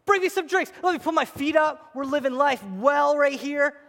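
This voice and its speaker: A man's voice: very high voice, moderate pace, vocal fry, fairly bright tone, voice pushed up, heavily acted. A preacher voicing a pampered upper-class woman who orders her husband around for drinks, in an echoey hall. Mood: demanding. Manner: bossy, lazy demands.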